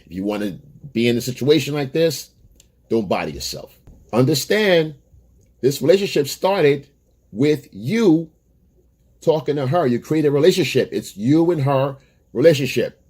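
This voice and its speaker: A dating coach gives advice straight to camera in a medium-pitched, expressive voice that's a little mellow and slightly rough. He speaks at a moderate pace with frequent pauses, blunt and emphatic, lecturing and repeating his points.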